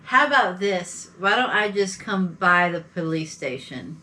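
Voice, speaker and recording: Bright-voiced, wry female player. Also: lowish voice, animated, a little slow, slight background noise. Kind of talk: tabletop role-play.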